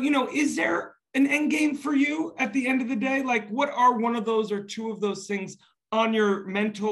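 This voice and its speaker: Host: man, slightly high voice, effusive and complimentary, long rambling questions. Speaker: interview host. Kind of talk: interview hosting.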